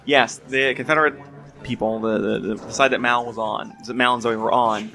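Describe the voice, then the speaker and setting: A man's voice: medium pitch, steady tone, normal speed, pushed and bright, soft background music. A man co-hosting a podcast, talking casually with stammering restarts and joining an improvised skit. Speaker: podcast co-host.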